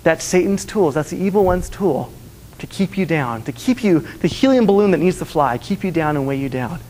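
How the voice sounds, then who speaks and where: A man's voice: fairly high pitch, lively intonation, fairly quick, darkish tone, long reverb tail, a little hiss or hum. A man preaching a sermon, earnestly telling stories and repeating his key lines. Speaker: pastor.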